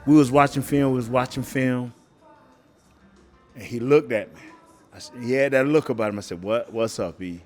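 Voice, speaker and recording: Animated storytelling man, former athlete. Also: mid-range voice, moderate pace, long pauses, soft background music. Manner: animated storyteller who acts out quoted voices and laughs often. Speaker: former pro football player, podcast guest. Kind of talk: casual storytelling interview.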